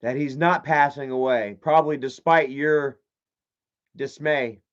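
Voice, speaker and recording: This live streamer has a mid-range voice with a steady tone and measured pace. His commentary is casual, mocking and full of profanity as he reads chat aloud, and the stream audio sounds muffled and lo-fi.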